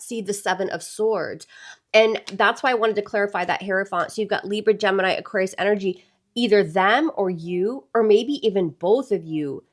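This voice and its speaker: Chatty female tarot reader talking to her viewers, lowish voice. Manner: chatty, addresses viewers as "y'all". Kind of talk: casual tarot reading to camera.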